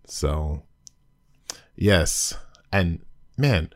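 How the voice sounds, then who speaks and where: A man with a very low voice talks through an episode he loved, giddy and animated, breaking into sudden high "ooh" exclamations and tripping over his own restarts. The recording is dry and close, with no room sound. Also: a little slow, no echo. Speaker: podcast host reviewing an episode. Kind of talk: casual excited review chat.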